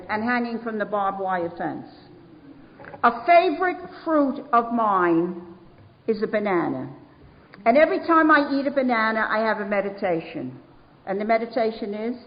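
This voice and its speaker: Speaking at an AA meeting, a New York woman tells her recovery story in a fairly high voice, hammering repeated words for emphasis. The lo-fi recording is dull and carries a long echo from the hall.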